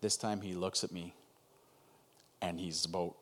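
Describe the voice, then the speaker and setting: A man in his thirties telling an emotional personal story in a conversation over a video call, halting and restarting as he goes. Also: low-pitched, steady tone, slight background noise.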